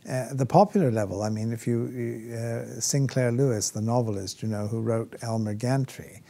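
A man's voice: medium pitch, fairly even intonation, normal speed, gravelly, dark tone. A man lecturing on theology off the cuff, with frequent fillers and restarts, posing rhetorical questions and mimicking critics. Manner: hesitant, many fillers and restarts. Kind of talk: unscripted classroom lecture.

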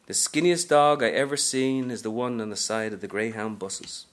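A man's voice: on the low side, normal speed, close to an everyday voice. A man reading aloud from a novel, narrating as a brash, streetwise aging woman hustler in a sassy first-person style. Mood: wisecracking.

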